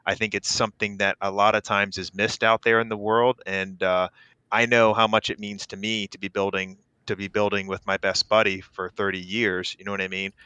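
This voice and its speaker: A man's voice: fairly low pitch, flat delivery, normal speed, smooth, no room sound. A man co-hosting a podcast, talking casually and encouragingly with plenty of fillers. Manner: warm, encouraging, rambling with fillers. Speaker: podcast co-host.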